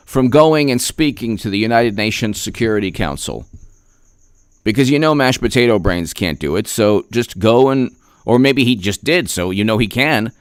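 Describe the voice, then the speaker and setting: A man giving a heated, sarcastic political commentary rant, repeating himself and clearing his throat often. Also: fairly low pitch, no echo, clean studio sound. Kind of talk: opinion rant vlog.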